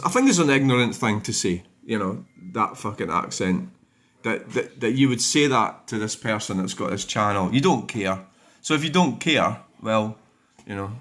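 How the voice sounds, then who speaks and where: A man's voice: fairly low pitch, expressive, moderate pace, a bit bright. A middle-aged Scottish man hosting his own channel, rambling bluntly and swearing freely while he reads through viewer comments. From Scotland. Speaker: dashcam channel host. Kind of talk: casual vlog talk while reviewing comments.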